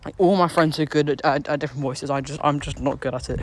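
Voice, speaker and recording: A man's voice: fairly high pitch, steady tone, fast, slight background noise. A British man chatting casually on a live stream, rambling and repeating himself with lots of fillers, talking into his phone outside on a street. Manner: rambling, repeats phrases, many fillers and restarts. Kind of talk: casual live-stream chat answering viewers. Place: outdoors on a street.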